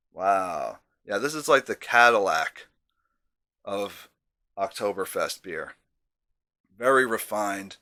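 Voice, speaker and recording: A man's voice: on the low side, sharp tone. A man casually reviewing a beer on camera, chatty and self-deprecating, with savoring asides.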